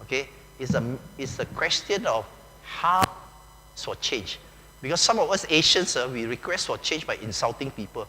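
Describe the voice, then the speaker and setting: A man's voice: medium pitch, lively intonation, normal speed, pushed and bright. A man with a Malaysian English accent preaching a chatty, joking sermon as a pastor, often saying "okay" and "lah". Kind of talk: conversational sermon. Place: large church hall. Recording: echoey hall with faint hum.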